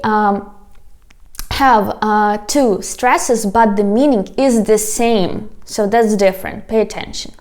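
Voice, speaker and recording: A woman's voice: on the high side, darkish tone. A woman with a Ukrainian accent, a native Ukrainian speaker teaching an online language lesson, patiently repeating words and talking directly to her viewers. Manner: patient, addresses viewers as "guys", repeats words slowly for practice.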